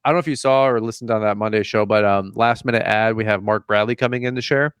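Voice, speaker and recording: With a lowish, fairly even voice that is clear and resonant, the podcast host talks fast over a dry recording. He laughs often while telling jokey stories, acting out both sides of each exchange.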